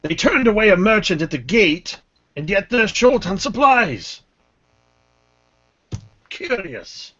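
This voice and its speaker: Measured male player, lo-fi sound. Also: high voice, sing-song, bright, forceful tone. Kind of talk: in-character tabletop play. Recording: dull lo-fi audio.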